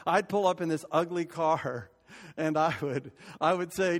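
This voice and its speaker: A man's voice: a little high, measured pace. An older man preaching a sermon as pastor, conversational and rising to emphatic peaks. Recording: long hall reverb.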